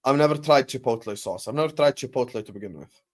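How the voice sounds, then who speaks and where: A man hosting a football watchalong stream, bantering with chat and breaking into loud bursts when the match heats up. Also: mid-range voice, expressive, fast, dry recording, clean studio sound. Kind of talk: casual live-stream chat with match commentary.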